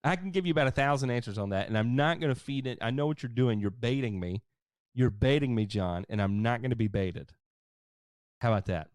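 A man's voice: mid-range voice, a little fast, darkish tone, dry recording, clean studio sound. A man hosting a lawn care livestream, casually reading and answering viewer comments with jokes. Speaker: lawn care show host.

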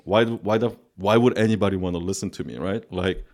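A man with a somewhat low, calm voice talks on a podcast in a loose, rambling way. His speech is full of filler words, and listeners find the sound of him soothing. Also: brisk. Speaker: podcast co-host. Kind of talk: casual chat.

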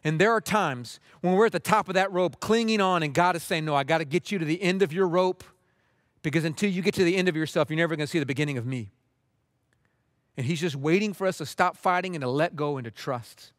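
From the pulpit, a fairly high-voiced pastor delivers a passionate sermon at a fast pace, shifting from urgent pleading to hushed, gentle appeals. The sound is dry and close, with no echo.

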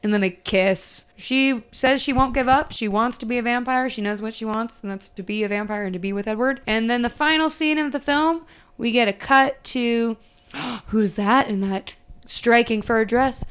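A woman's voice: on the high side, moderate pace, a bit bright, clear, resonant tone. A woman hosting a podcast who chats casually, recaps a film sarcastically, swears freely and acts out the characters. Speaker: podcast host.

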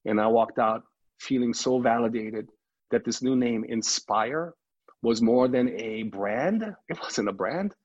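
A man's voice: mid-range voice, unhurried. A middle-aged man, a pastor, telling a story in a podcast interview and acting out the voices of the people in it. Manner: animated storyteller who acts out quoted dialogue. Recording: slightly muffled lo-fi recording.

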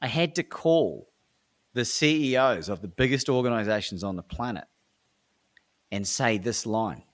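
An Australian man appears as a podcast guest, animatedly telling his stories in a mid-range voice at a measured pace with frequent pauses. He's enthusiastic and emphatic, and when he restarts a sentence he often repeats a word.

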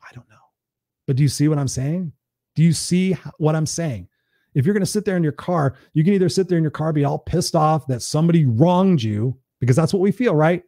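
A man's voice: fairly high pitch, a little fast, warm tone, no echo, studio quality. A man hosting a live stream, giving a blunt, preachy motivational talk in a casual, conversational way and swearing freely.

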